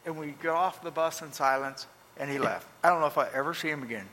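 Older male pastor, folksy storyteller, bright voice in a reverberant church. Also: a little high, fast, slight background noise. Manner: folksy, animated storytelling with repeated phrases. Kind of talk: storytelling sermon. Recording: long reverb.

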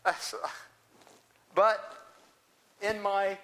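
A man's voice: high-pitched, steady tone, very slow, bright, forceful tone, a little hiss or hum, heavily acted. A man preaching as the apostle Peter, an impulsive and talkative fisherman, telling his story in the first person with earnest, searching restarts. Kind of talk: first-person dramatic monologue.

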